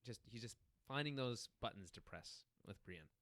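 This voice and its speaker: A podcast co-host with a lowish, animated, slightly bright voice recaps a TV episode at a moderate pace in easy, chatty fashion. He laughs often and slips into the scenes' lines as he retells them, and the sound is close and dry with no room around it.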